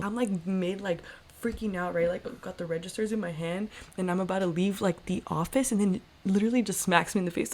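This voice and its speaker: A young woman co-hosting a podcast, telling a story in a casual, animated way and acting out the voices in it. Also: medium pitch, brisk. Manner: animated, lots of "like" fillers, acts out quoted voices. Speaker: podcast co-host.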